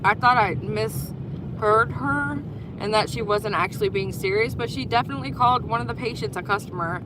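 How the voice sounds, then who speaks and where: Chatty woman talking in a car. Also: mid-range voice. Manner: chatty, rambling with many fillers. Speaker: former EMT vlogger. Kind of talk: casual storytelling. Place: car on the road. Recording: road noise in car. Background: car road noise.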